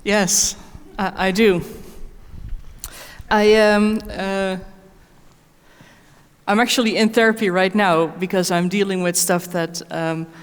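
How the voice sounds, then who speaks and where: A woman answers audience questions from the stage in a mid-pitched voice. Her speech is halting, full of fillers and restarts. The sound carries a long reverb from a large conference hall. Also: steady tone, smooth. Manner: hesitant, many fillers and restarts. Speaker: conference speaker and certified coach.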